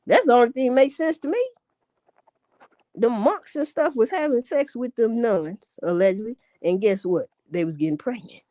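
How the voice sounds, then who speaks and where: A woman's voice: on the high side, lively intonation, moderate pace, mellow, no echo. A woman ranting in a casual commentary, blunt and heavy on profanity. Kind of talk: casual rant.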